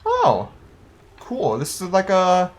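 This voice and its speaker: Rambling young gamer with a lively voice. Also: medium pitch. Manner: thinks aloud, rambling and self-questioning; playful, quick to laugh. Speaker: let's-play gamer. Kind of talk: casual gameplay commentary.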